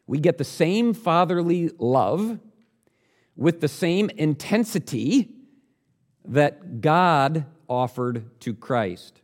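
A man delivers a sermon in a fairly high voice, earnest and direct. He puts questions to his listeners and grows louder on the points he wants to stress.

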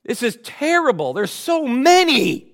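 A grieving apostle cries out in a high, strained, raised voice, overwhelmed as he writes, as a preacher acts him out. He is pleading and anguished, and he stretches the last words. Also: big pitch swings, measured pace, exaggerated voice. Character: weeping apostle writing a letter in grief.

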